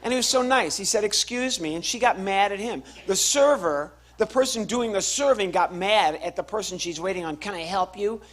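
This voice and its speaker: Barely pausing, this man rattles through a stand-up story at a brisk pace in a high voice, acting out the characters as he goes. Laughter fills the live venue around him.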